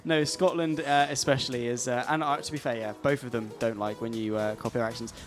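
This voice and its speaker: A man's voice: medium pitch, steady tone, quick pace, music in the background. A young man with an English accent co-commentating a karting race from the commentary box, chatty and rambling with lots of fillers. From England. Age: young adult.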